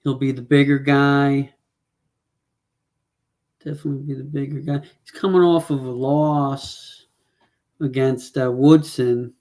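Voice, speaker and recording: A man in a loose, casual chat about upcoming fights, wandering through records and numbers as he looks them up. His voice sits at an ordinary pitch, and he fills gaps with filler words and restarts his sentences. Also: little pitch movement, unhurried, pauses often, darkish tone. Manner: rambling, checks stats aloud, filler-heavy. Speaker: podcast co-host.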